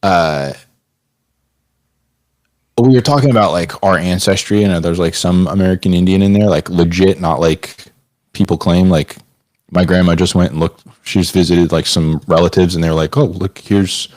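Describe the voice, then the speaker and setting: A man's voice: deep voice, steady tone, normal speed, a little mellow. Rambling young man saying "dude". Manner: loose, rambling, slangy, says bro and dude. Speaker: podcast co-host. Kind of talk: casual podcast chat.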